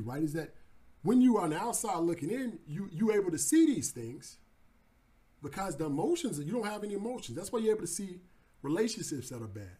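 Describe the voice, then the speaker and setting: A man teaches about trading by telling a story, talking casually and repeating himself in slang. His voice is high and moves widely in pitch. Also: a little mellow. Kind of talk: storytelling lesson.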